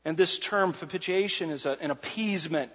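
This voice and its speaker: A man preaching a sermon as pastor, animated and repeating key phrases for emphasis. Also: fairly high pitch, fairly quick. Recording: muffled sound in a large reverberant hall.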